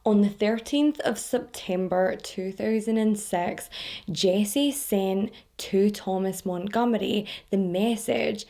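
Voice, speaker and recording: A woman narrates a true crime case at a slow, deliberate pace. She breaks off for dry, sarcastic asides and laughs at what she reads out. Her pitch sits in the middle. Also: a little mellow. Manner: sarcastic, laughs at the killer's messages. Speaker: true crime podcast host.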